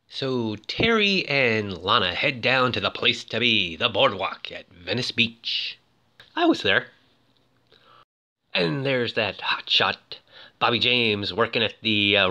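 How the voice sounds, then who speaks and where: A man's voice: mid-range voice, pushed and bright, lo-fi sound. A man giving casual, playful commentary over film clips, full of fillers and cheeky asides. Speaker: film reviewer.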